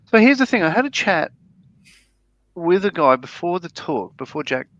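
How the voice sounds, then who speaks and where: A man's voice: sits high, big pitch swings, moderate pace, a bit bright, muffled recording. A man with an Australian accent chatting casually on a livestream, rambling with lots of fillers and restarts. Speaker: livestream co-host. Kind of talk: casual chat, reading viewer comments.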